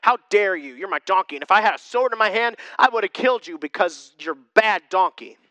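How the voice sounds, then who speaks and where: A man's voice: high-pitched, expressive, a little fast, bright, forceful tone, no room sound. A man playing an angry, indignant ancient prophet, scolding his donkey.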